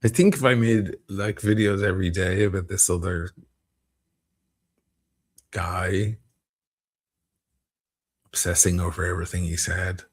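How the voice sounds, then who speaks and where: A man's voice: deep voice, fairly even intonation, measured pace, long pauses, husky. A man chatting casually on a live stream, rambling, swearing freely and laughing often between thoughts.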